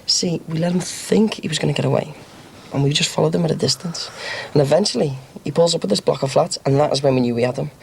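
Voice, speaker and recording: An actor in a TV soap drama voices a brash young ex-con, a bragging small-time crook recounting his story. His fairly high voice is fast and creaky, and the audio carries a slight hiss or hum.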